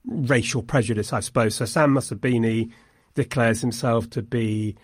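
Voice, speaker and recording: A man's voice: mid-range voice, steady tone, moderate pace, no echo, clean studio sound. Thoughtful man discussing a film. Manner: thoughtful, analytical, with wry asides. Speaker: film podcast co-host.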